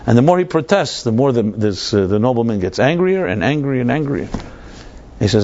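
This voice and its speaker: A man's voice: lowish voice, expressive, brisk, dark tone. A man, a rabbi, telling a story in a conversational, digressive lecture. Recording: dull lo-fi lecture recording.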